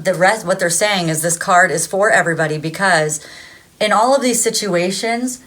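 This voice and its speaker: A woman in her thirties talks through a tarot reading in a loose, rambling way. She laughs often and keeps her voice a little low. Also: a bit bright. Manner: chatty and rambling, laughing often, acting out quotes. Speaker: tarot reader. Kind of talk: casual spoken tarot reading.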